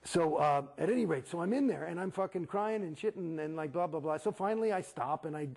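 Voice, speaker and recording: Gravelly, husky-voiced man, blunt and profane. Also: fairly high pitch, animated, fairly quick, darkish tone. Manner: blunt and profane, rambling with restarts. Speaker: interviewee. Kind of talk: candid interview storytelling.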